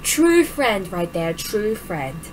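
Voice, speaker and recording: A woman commenting on a story game, expressive, giggly and melodramatic. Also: mid-range voice, slow, slight background noise, poor audio. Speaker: gameplay commentator.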